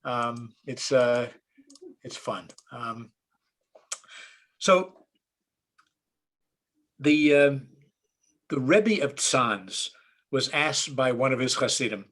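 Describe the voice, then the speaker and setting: A man, a rabbi and stand-up comedian, giving a relaxed online talk full of jokes, with plenty of ums and restarts. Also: medium pitch, drawn-out words, long pauses. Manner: relaxed storyteller, many fillers and restarts.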